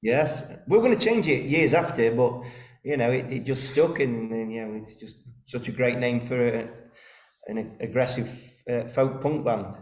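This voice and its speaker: A man's voice: medium pitch, moderate pace. A man, a band's lead singer telling rambling anecdotes in a casual interview from a rehearsal room. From East Midlands, England. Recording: roomy rehearsal room echo.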